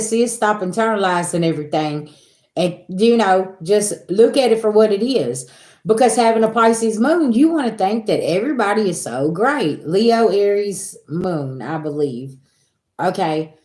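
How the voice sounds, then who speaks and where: A woman speaks casually to her viewers as a spiritual reader, animated and venting, cursing freely and calling them y'all. Her voice sits at a middle pitch. The sound carries a noticeable roomy echo. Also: normal speed.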